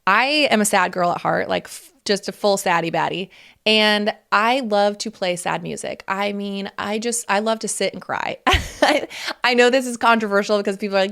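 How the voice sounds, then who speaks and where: A woman's voice: mid-range voice, moderate pace, vocal fry, fairly bright tone. A woman in her thirties hosting a casual solo podcast, talking candidly and chattily, laughing often and swearing freely. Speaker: podcast host.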